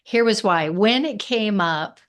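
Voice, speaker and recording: A woman's voice: mid-range voice, animated, unhurried, fairly bright tone. A woman, an entrepreneur speaking frankly and directly as an interview guest. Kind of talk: casual interview chat.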